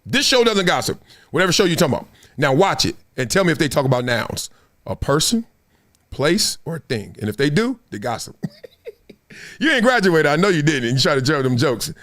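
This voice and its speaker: A man's voice: on the high side, very animated, fairly quick, a bit bright. A man hosting a casual commentary stream in a joking, slangy, teasing way. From Southern California. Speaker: show host.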